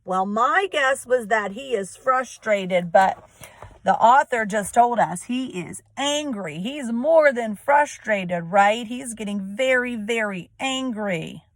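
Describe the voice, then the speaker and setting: A woman's voice: fairly high pitch, lively intonation, takes it slowly, no room sound. A woman teacher reading a storybook aloud to children and explaining it, often asking questions and checking with "right?".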